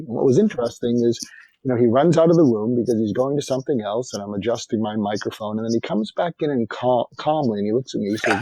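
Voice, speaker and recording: Background noise accompanies this mid-range male voice. He is an older man, a psychiatrist and author, recounting anecdotes at a measured pace as a guest in an interview.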